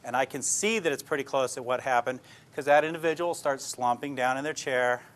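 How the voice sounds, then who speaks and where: A man's voice: mid-range voice, fairly quick, a bit bright. An older man, a police detective, giving an informal talk to a live audience, plainspoken and full of anecdotes that he checks in on with his listeners. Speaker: police detective speaking to a class.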